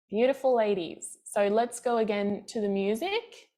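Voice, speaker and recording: A woman's voice: mid-range voice, moderate pace, few pauses, lo-fi sound. A woman from Australia teaching a bellydance class, counting the beats aloud and giving encouraging cues. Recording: faint music behind. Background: class music.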